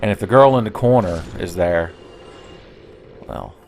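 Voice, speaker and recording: A man talking over a video game in a relaxed, rambling way, full of jokes and swearing. His voice sits on the low side. He drifts off topic in chatty asides. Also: a little fast, slight background noise. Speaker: let's play host. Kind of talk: casual gameplay commentary.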